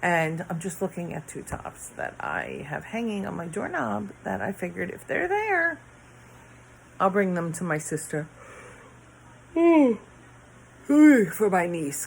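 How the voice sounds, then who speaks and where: Late at night in her bedroom, a tired middle-aged woman vlogs casually to camera, rambling, yawning, sighing and trailing off mid-thought. Her voice is fairly low and gravelly, and the low-quality recording carries a little hiss or hum.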